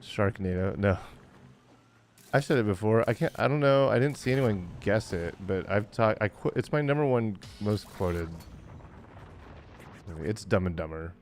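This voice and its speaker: Man, 40s, game streamer, tired, lowish voice, loose rambling chat. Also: animated, moderate pace, a little hiss or hum. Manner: rambling, many fillers, chuckling often. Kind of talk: casual gaming livestream chat.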